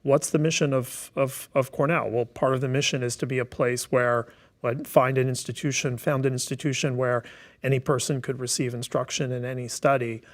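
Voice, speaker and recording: A man's voice: mid-range voice, little pitch movement, fairly quick. A man talking on a webinar as a task force member, thoughtful and explanatory, with many fillers and restarts. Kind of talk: webinar discussion. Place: online webinar.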